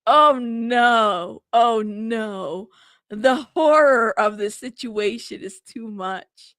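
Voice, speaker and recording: A woman's voice: a little high, extremely slow, a bit bright, no echo, clean studio sound. A young woman hosting live news commentary, reading court updates aloud and reacting with laughs and asides. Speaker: host reading trial updates.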